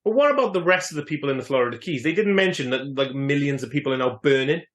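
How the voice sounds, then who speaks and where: A man's voice: medium pitch, expressive, fast talker, a bit bright. A man co-hosting a film podcast, chatting casually and teasing his friends with a laugh. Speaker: podcast co-host. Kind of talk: casual film-review chat.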